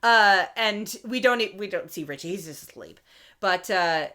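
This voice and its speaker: A woman co-hosting a podcast, recapping in casual chat and acting out quotes with animated voices. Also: medium pitch, normal speed. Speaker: podcast co-host.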